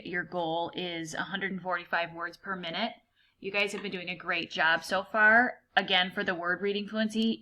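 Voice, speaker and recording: A woman teacher talks her students through a word reading fluency list. Her voice sits a little low yet sounds bright and forward. She explains pronunciation patiently and clearly, like a recorded lesson.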